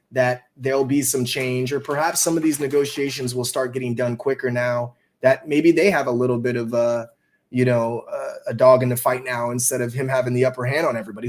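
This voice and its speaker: A man streaming live and chatting about trading in a loose, rambling way. His pitch sits in the middle of a man's range. He swears casually and fills his talk with "you know" and "like.".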